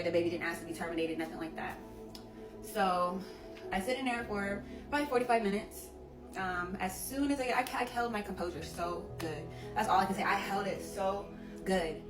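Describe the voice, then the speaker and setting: A woman recounting a personal experience with raw candor, slipping into the voices of people she quotes. Her voice sits in a roomy, echoing space. Loud music plays underneath throughout. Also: mid-range voice. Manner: emotional, candid, acts out quoted dialogue. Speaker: woman telling her own story. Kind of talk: personal storytelling clip.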